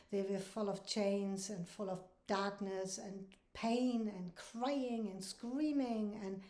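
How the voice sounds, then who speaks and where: A woman's voice: mid-range voice, mellow. A woman, earnestly sharing a heartfelt personal faith testimony as an author. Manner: earnest and heartfelt, with laughs between thoughts. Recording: roomy echoey recording.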